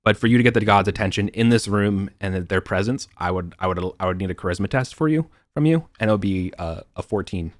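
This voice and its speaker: A man narrating as game master over a voice call, halting and full of fillers. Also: fairly low pitch, no echo, clean studio sound. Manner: halting, many fillers and restarts. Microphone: computer mic on voice call.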